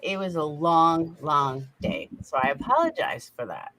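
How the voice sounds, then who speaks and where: A woman's voice: low voice, very animated, unhurried, fairly bright tone, rough recording. A woman hosting her own livestream, chatting casually and directly to her viewers over a call connection that cuts in and out. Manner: chatty, apologetic, talks straight to viewers. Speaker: YouTube channel host. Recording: connection cutting in and out.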